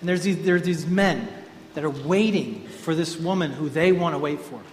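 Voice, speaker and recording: A man preaching a sermon, telling a story in a lively conversational way to a congregation in a large hall. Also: fairly high pitch, normal speed, slight background noise. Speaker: pastor. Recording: echoey hall, faint ambience.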